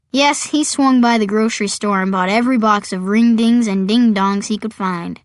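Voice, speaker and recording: A woman's voice: mid-range voice, normal speed, few pauses, no echo, clean studio sound. A woman reading a first-person audiobook in a wry, conversational storytelling manner. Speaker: audiobook narrator.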